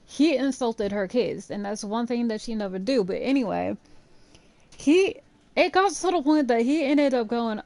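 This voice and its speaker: A woman chatting casually and telling a story while playing a game. She speaks in an animated way, swears freely and fills her speech with "like". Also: on the high side, moderate pace, creaky, no echo. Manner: chatty, profane, animated retelling with frequent "like". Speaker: gaming channel host. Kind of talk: casual storytelling over gameplay.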